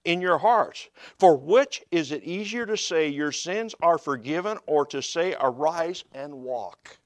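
A man preaching a sermon, telling a story quietly and then rising into loud, emphatic preaching. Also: a little high, expressive, unhurried, few pauses, dry recording, studio quality.

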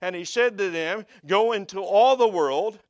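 A male preacher with a high voice delivers a sermon. He tells stories in a low, easy way and then builds to loud, emphatic proclamation. The sound is dry and close. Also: a little slow, dry recording.

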